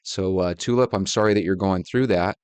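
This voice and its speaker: A man's voice: low voice, fairly quick, a little mellow, clear, resonant tone, no room sound. A man hosting a talk channel, introducing clips and commenting in a friendly, conversational way. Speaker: host. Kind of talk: casual commentary.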